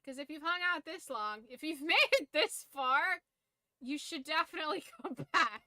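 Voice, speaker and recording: Tired, bright-voiced woman streamer. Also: sits high, lively intonation, normal speed, dry recording. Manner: loose, rambling, swears casually. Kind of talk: casual late-night stream chat.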